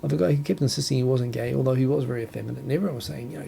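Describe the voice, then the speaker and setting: A man's voice: mid-range voice, very fast, gravelly, warm tone, a little hiss or hum. A man from New Zealand with a New Zealand accent, hosting a casual solo talk show and rambling with self-corrections and chuckles. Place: home, Tokyo.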